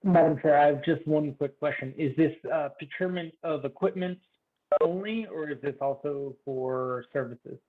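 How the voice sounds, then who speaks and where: A man's voice: on the high side, moderate pace, phone-quality sound. A man on a transit board asking brief questions during a meeting. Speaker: board member.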